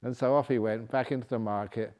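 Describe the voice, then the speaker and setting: A man's voice: medium pitch, steady tone, fairly quick, darkish tone. A man, a Buddhist monk, answering questions at a retreat with jovial, humorous stories and often laughing at his own jokes. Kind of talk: humorous dharma Q&A talk. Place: meditation retreat hall.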